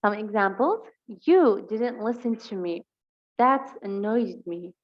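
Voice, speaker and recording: A woman with a Levantine Arabic accent who speaks Arabic natively, teaching English vocabulary. She reads example sentences slowly and explains them quickly. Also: mid-range voice, expressive, muffled recording. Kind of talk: bilingual vocabulary lesson.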